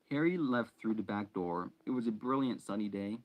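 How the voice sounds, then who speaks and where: A man's voice: fairly low pitch, normal speed, few pauses, low-quality recording. A man reading a novel aloud in a casual, unpolished way, stumbling and restarting words and breaking off for asides. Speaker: hobby reader.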